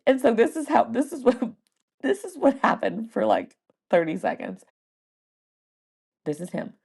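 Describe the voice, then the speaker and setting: A woman who hosts a podcast and teaches first grade, telling a casual story with lively delivery, frequent laughter and playful mimicry of words. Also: a little high, unhurried, gravelly, husky.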